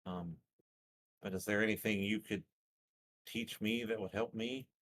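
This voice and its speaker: A player in a tabletop game, talking earnestly in character and sometimes yelling high. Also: fairly even intonation, unhurried. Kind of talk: casual tabletop play.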